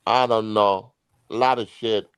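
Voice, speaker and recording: Low-voiced guy hosting a boxing show, blunt, swears a lot, dry close mic. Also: fairly even intonation, a bit bright, clear, resonant tone, no room sound. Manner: blunt, profane, rapid. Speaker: boxing podcast host. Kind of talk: casual chat.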